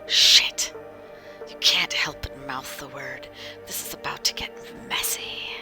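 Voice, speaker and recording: Low-voiced woman, whispered role-play narration. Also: steady tone, normal speed. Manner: hushed, suspenseful narration; chats with viewers. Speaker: game master. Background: music.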